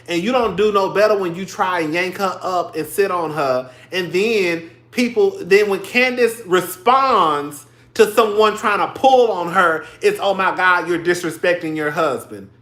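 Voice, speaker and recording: A man hosting a casual livestream, talking in a sassy, animated and profane way and laughing often. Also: sits high. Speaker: livestream host. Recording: roomy echo.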